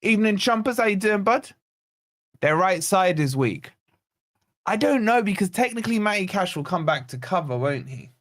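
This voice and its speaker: A man's voice: high-pitched, animated, moderate pace. A man hosting a live fan watch-along stream, reading out chat comments with chatty, teasing banter. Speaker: fan channel host.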